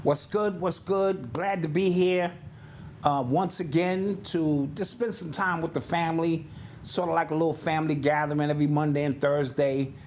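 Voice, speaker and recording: An older man co-hosting a podcast in casual chat, telling stories in an animated way and acting out sounds and quotes. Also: a little high, normal speed, a little hiss or hum. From United States. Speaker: podcast co-host.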